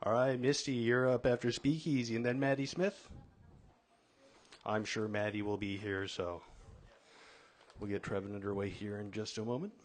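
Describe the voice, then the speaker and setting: A man's voice: fairly low pitch, fairly even intonation, moderate pace, long pauses. Casual man emceeing an open mic. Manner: casual, calls acts and chats with the crowd. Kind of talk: emceeing a live show.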